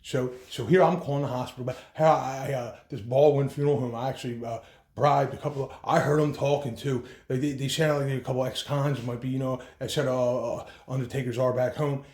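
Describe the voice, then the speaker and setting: A man's voice: mid-range voice, fairly even intonation, a little fast, a little mellow, echoey room. A man giving an agitated, profane, rambling account as a bereaved son, with many restarts. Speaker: bereaved son telling his story. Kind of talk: heated first-person account.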